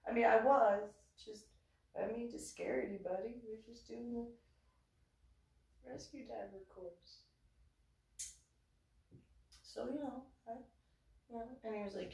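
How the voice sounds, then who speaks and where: A middle-aged woman from New Jersey telling a story casually, animated and laughing often as she acts out scenes. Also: fairly high pitch, unhurried, vocal fry, pauses often. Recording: roomy room, mic far off.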